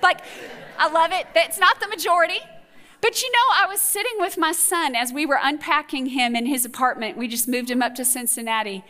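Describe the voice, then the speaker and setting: A woman's voice: sits high, fairly quick, sharp tone. A middle-aged woman giving a conversational, earnest teaching talk at a women's conference, telling stories and asking the audience questions. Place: conference hall before a live audience.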